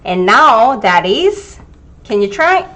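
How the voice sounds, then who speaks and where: A woman in her thirties with a Gyeongsang Korean accent, teaching a live online language lesson and drilling pronunciation slowly and carefully. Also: a little high, very animated, bright, forceful tone. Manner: slow, careful pronunciation drills, reading viewer comments.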